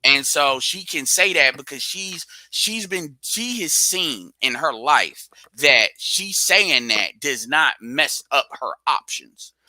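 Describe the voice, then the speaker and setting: A man's voice: fairly high pitch, animated, slow, few pauses, sharp tone, no room sound, low-quality recording. A man giving blunt, slangy opinions in a casual reaction chat.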